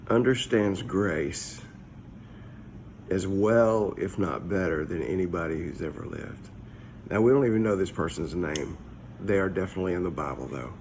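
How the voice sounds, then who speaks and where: With a low-pitched, creaky voice, a male pastor gives a brief, relaxed morning devotional. He speaks in a searching, conversational way, repeating his words often, against slight background noise.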